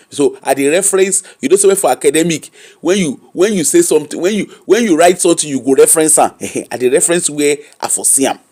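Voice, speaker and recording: A man with a Nigerian accent hosting a gossip commentary livestream, animated, laughing often and thanking viewers by name. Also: on the high side, fairly quick. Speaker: host.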